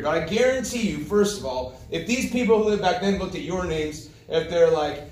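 Higher-voiced male pastor in roomy hall. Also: normal speed, a little hiss or hum. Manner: animated, joking asides with laughter, congregation address. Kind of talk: sermon with scripture reading and prayer. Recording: roomy sound from a distance, faint ambience.

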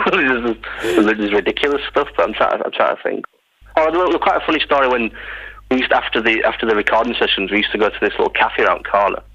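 A male writer from England, guesting on a casual interview, tells stories in a rambling way, breaking off and starting over. His medium-pitched voice is brisk and sharp, with a breathy edge. The recording is dry and rough.

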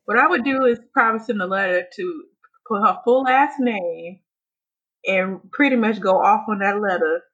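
A woman with a husky yet bright, fairly high voice gives blunt, profane commentary in a casual conversation. Her speech is sharp and emphatic. The recording sounds dull and lo-fi. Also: normal speed. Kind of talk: casual chat.

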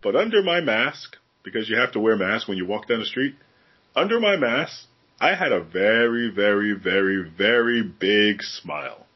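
A man's lowish, breathy-edged voice, at a moderate pace and captured with lo-fi sound, belongs to a podcast co-host. In casual chat he tells stories candidly, profanely and with animation.

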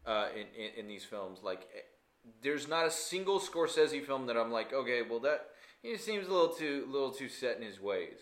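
A man hosting a casual podcast chat, enthusiastic and quick to laugh. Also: mid-range voice, a bit bright. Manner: enthusiastic, laughs often, restarts and fillers. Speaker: podcast host. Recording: echoey room.

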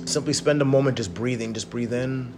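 A man leading a guided contemplative prayer as a pastor, speaking slowly and gently. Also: mid-range voice. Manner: slow, gentle and soft-spoken. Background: guitar music.

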